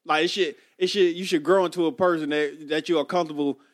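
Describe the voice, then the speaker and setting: A man talks fast and earnestly in a casual podcast chat, starting over and repeating himself as he makes his point. His voice sits a little high and is recorded close and dry. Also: steady tone, no echo. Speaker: podcast co-host.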